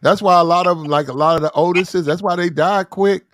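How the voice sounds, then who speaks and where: A man's voice: high voice, fairly even intonation, brisk, fairly bright tone, dry recording, studio quality. A man co-hosting a casual chat, laid-back and agreeable, telling stories.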